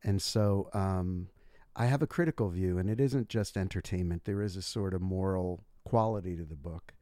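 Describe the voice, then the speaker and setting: A man talking as an interview guest, thoughtful and measured, explaining his views carefully. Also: low voice, dark tone, no echo, studio quality. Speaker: guest author. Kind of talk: casual interview talk.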